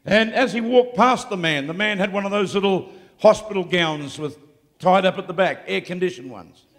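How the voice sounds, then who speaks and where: A man preaching live to a congregation, moving between hushed storytelling and loud, shouted declarations. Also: sits high, moderate pace, in a large hall. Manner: swings from quiet storytelling to shouted exclamations. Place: large hall, live event.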